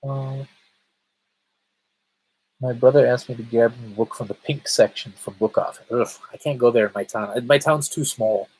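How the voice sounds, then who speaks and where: Chatting with viewers on a live stream, this man responds to their comments in a rambling way, often stammering and starting over. His mid-range voice is steady, slightly mellow, and a bit breathy, moving at a moderate pace with frequent pauses, though the audio is poor.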